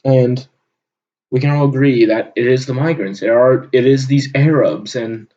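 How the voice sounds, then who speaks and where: A man delivering a heated, profane solo rant with sudden loud bursts. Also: mid-range voice, measured pace, pauses often. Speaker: channel host. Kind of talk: solo ranting monologue. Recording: dull lo-fi recording.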